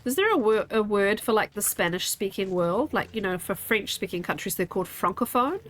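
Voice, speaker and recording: A woman's voice: medium pitch, lively intonation, a little fast. A woman, chatting casually while streaming a game and rambling as she answers her chat.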